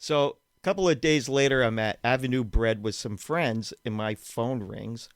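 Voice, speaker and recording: A man telling a story as a podcast guest, animated and laughing often, repeating words as he goes. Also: medium pitch, normal speed, no room sound, clean studio sound. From Western Massachusetts, USA. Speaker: guest, documentary filmmaker. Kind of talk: casual anecdote telling in a podcast interview.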